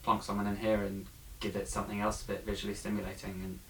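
A man talking casually and thoughtfully about a film, with frequent pauses and fillers. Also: fairly low pitch, monotone, gravelly, low-quality recording. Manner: thoughtful, hesitant, many fillers.

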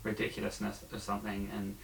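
A man with a fairly low voice, discussing a film in relaxed conversation. He speaks thoughtfully, pausing often with ums and restarts. A faint hiss sits under the recording. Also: creaky. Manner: thoughtful, hesitant, many fillers.

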